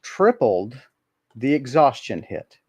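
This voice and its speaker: A man's voice: medium pitch, very animated, takes it slowly, darkish tone, slightly rough, dry recording. A man narrating a tabletop role-playing game as game master, hesitant and full of ums and restarts.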